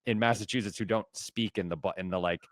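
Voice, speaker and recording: A man co-hosting a casual podcast chat, relaxed and wry, tossing in jokes. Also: lowish voice, fast talker, over a noisy crowd. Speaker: podcast co-host.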